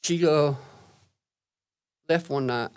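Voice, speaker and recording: A man giving courtroom testimony in a halting, plain-spoken way, recounting events step by step. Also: on the high side, darkish tone, smooth.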